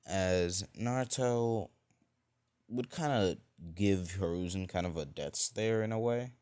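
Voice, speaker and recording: A man's voice: sits low, slow, darkish tone, smooth. A man improvising a fan-fiction story, rambling and full of fillers and restarts.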